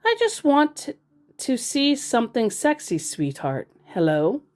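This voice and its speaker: A woman's voice: fairly high pitch, sing-song, unhurried, darkish tone, pitched above the performer's own voice. A woman voicing a pushy male online romance scammer who is needy and insistent and keeps using pet names.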